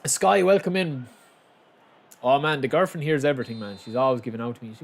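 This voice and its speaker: A young man chatting casually and commentating live on his own football game, bursting into excited shouts at big moments. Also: medium pitch, fast, gravelly. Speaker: game streamer.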